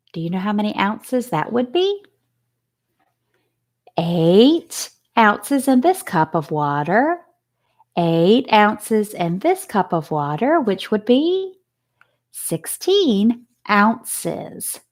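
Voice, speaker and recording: A woman teacher giving a remote lesson to young children, patiently sounding out letters and words. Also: medium pitch. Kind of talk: remote phonics and math lesson.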